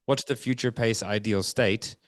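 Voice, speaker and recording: A man's voice: lowish voice, steady tone, normal speed, dry recording. A man co-teaching a sales seminar, conversationally running through a list of concepts. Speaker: co-trainer. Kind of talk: seminar discussion.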